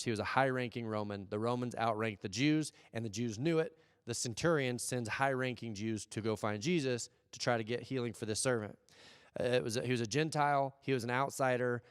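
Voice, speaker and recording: This pastor, an American man, has a clear, resonant mid-range voice. His church sermon is conversational, with rhetorical questions and little acted-out asides. The recording is dry, with a long hall reverb.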